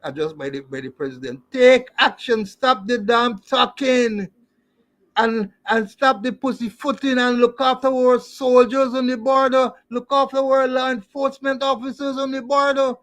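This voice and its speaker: A man's voice: extremely high pitch, moderate pace, few pauses, fairly bright tone. A man from Guyana with a Guyanese accent, stammering and repeating words as he speaks emotionally about politics. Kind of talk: impassioned political talk.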